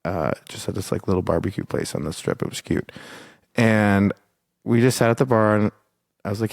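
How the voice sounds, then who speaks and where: A man's voice: on the low side, normal speed, vocal fry, darkish tone, dry recording, studio quality. A young man co-hosting a podcast, telling a rambling casual story, full of "like" and swearing. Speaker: podcast co-host. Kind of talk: casual chat.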